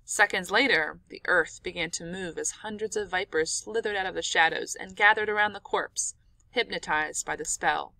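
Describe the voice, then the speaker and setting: A woman narrating an audiobook in an expressive, dramatic storytelling manner. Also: lowish voice, normal speed, gravelly, no echo.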